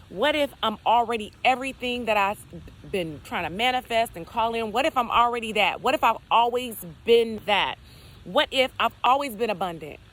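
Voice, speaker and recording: A woman's voice: on the high side, a bit bright. A woman giving a casual spiritual talk outdoors, repeating affirmations and asking herself rhetorical what-if questions. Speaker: spiritual content creator. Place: outdoors, near geese and trees.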